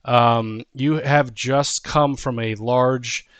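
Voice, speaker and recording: A man's voice: mid-range voice, steady tone, slow pace, fairly bright tone, no echo. A man running a tabletop game as dungeon master, hesitant with lots of ums.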